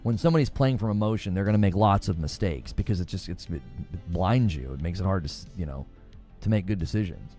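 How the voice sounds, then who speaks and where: Casting: middle-aged male podcast host, lively swooping pitch, heated chatty storyteller, soft music underneath. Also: quick pace. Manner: animated, heated storytelling with many restarts. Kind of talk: casual chat.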